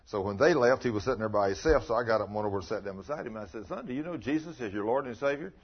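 In a muffled lo-fi recording, an older preacher with a husky, medium-pitched voice delivers a folksy sermon at a very fast, animated clip. He weaves in stories and puts questions to his audience.

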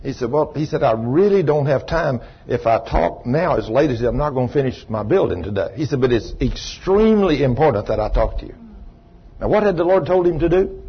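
A man preaches in a folksy, rambling storytelling way, with bursts of loud praise. His voice is a little husky. The recording sounds muffled and lo-fi. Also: medium pitch, animated, brisk. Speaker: pastor. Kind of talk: sermon storytelling.

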